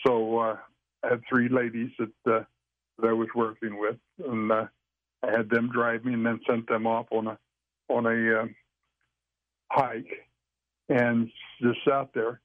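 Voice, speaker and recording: A man's voice: mid-range voice, level tone, dry recording. Older man on a tinny phone line. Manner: rambling, folksy, halting with restarts. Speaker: podcast guest sharing Sasquatch experiences. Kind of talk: casual storytelling chat.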